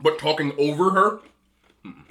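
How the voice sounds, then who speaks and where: A man in his thirties eating on camera, giving emphatic, animated relationship advice to other men and telling stories in a casual chat. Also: on the high side, moderate pace. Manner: storytelling with repeated disapproving hums. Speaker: mukbang vlogger.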